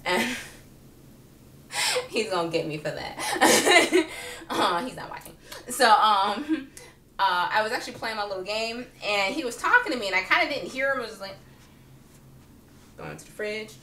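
A woman vlogger talking casually and comically to the camera, chatty and animated with many fillers and frequent laughter. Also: on the high side, moderate pace, pauses often, slight background noise. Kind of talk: casual comedic monologue to camera. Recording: roomy echo, speaking from a distance.

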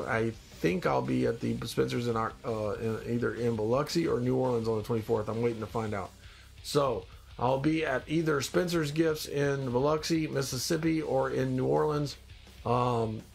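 A man's voice: mid-range voice, gravelly. Stuffy-nosed man chatting on a live stream. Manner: loose, joking, rambling, reads out viewer comments. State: stuffy nose. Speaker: live-stream host in demon costume. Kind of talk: casual live-stream chat with viewers.

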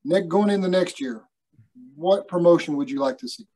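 A man's voice: high voice, moderate pace, dark tone, low-quality recording. A man hosting a podcast, teasing his co-hosts and steering the talk. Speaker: podcast host. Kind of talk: casual chat.

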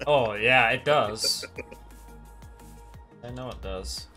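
A man's voice: medium pitch, slow pace, pushed and bright, faint music behind. A man streaming a game and chatting casually with friends, laid-back and joking.

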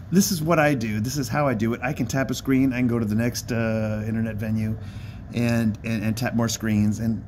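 A man's voice: mid-range voice, darkish tone, slight background noise. A man rambling in a casual vlog, chatty and self-mocking, often breaking into laughter. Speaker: vlogger. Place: outdoors by a bridge.

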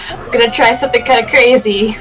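A woman's voice: fairly high pitch, fairly even intonation, fast talker, poor audio. Woman, tabletop player, eager, laughs a lot, background music. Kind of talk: tabletop role-play.

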